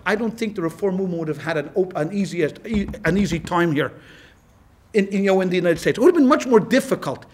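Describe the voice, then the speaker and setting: A male rabbi giving a lecture to a class in a lively, conversational way, with frequent restarts. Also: high-pitched, fast talker. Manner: animated and conversational, with many restarts. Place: class with a live audience.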